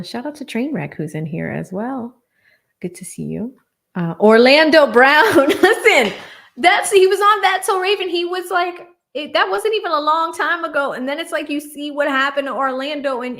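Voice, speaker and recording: A woman's voice: a little high, animated, a little slow, fairly bright tone. A woman hosting a livestream, chatting casually, thanking donors and laughing often. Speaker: livestream host.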